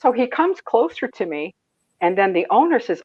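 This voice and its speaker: Lively high-voiced woman telling a story. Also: moderate pace, breathy edge, no room sound, lo-fi sound. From Michigan, USA. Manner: laughs often, acts out quoted voices. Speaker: guest, psychic medium. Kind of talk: animated storytelling in a casual interview.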